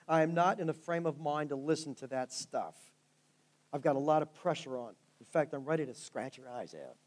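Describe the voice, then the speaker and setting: A man's voice: fairly high pitch, lively intonation, a little fast, voice pushed down, lightly acted. A man putting on the voice of an irritated churchgoer snapping at the pastor. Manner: irritable, grumbling. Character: stressed, irritated churchgoer under pressure.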